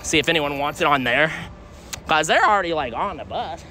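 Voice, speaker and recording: A young man livestreaming while walking a city street, rambling, swearing constantly, and pitching strangers. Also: expressive, a little fast, bright, forceful tone, a little hiss or hum. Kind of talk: live street streaming.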